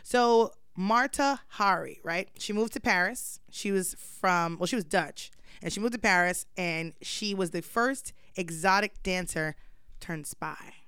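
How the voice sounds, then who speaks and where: Smooth-voiced woman telling a profane story. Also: lowish voice, a little slow, dry recording, clean studio sound. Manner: animated, profane storytelling with slang. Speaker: podcast host. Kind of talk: casual chat, storytelling.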